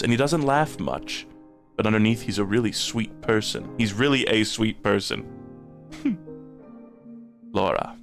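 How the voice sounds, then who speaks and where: A gentle old man reads a tender letter aloud, as a man puts him on. The voice is slow and low and dips into a croak, with music quietly underneath.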